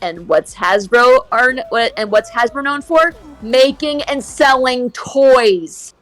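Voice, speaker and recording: A woman's voice: on the high side, slow pace, fairly bright tone. A woman streaming a game and chatting casually, airing strong opinions in a ranting way. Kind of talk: casual chat while gaming.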